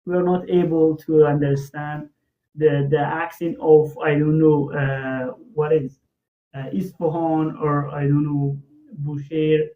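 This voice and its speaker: A man's voice: a little high, flat delivery, slow pace. Hesitant man on a tinny line. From Afghanistan. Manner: hesitant, many fillers. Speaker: interview host. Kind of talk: interview questions.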